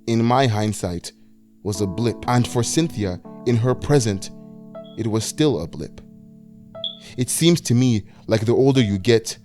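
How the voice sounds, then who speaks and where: A man in his twenties from Nigeria, narrating a reflective personal video essay in a soft-spoken way. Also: lowish voice. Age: 20s.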